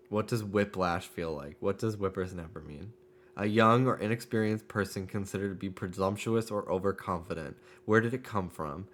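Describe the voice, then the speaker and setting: A man's voice: low voice, normal speed, fairly bright tone. A man streaming a video game, joking and swearing in casual, rambling commentary.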